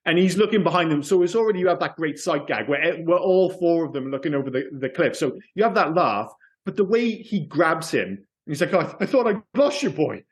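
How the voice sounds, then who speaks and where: A man co-hosting a podcast, chatting casually and enthusiastically about a film, rambling through quick asides. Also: on the high side, lively intonation. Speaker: podcast co-host.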